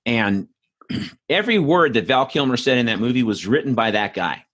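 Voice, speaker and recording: A man's voice: medium pitch, expressive, moderate pace, a bit bright. Rambling male podcast host. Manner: rambling, with many fillers and restarts. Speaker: podcast host, answering questions. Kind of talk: casual chat, storytelling.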